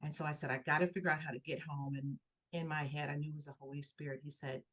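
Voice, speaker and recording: Animated woman telling a personal story. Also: fast. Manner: animated, acts out quoted voices with rising pitch. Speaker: guest telling her life story. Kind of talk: conversational storytelling interview.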